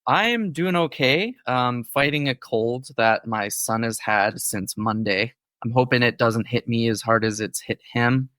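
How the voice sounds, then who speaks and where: A man co-hosts a podcast and lays out each topic in an informative, explanatory way. He pauses on the odd filler but keeps a steady thread. His voice is close and completely dry. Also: medium pitch, no room sound. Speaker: podcast co-host. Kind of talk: casual podcast chat.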